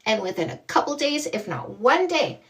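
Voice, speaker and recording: A woman's voice: a little high, sing-song, moderate pace, fairly bright tone, distant mic. A woman from Canada, a dating coach, chatting casually and bubbly with viewers on a livestream, often laughing.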